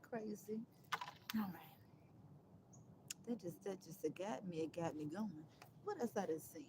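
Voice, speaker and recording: A woman talking on a casual live stream, emphatic and sarcastic, rambling and restarting her phrases, with loud outbursts and quiet asides. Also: fairly low pitch, unhurried, background noise. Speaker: livestreamer.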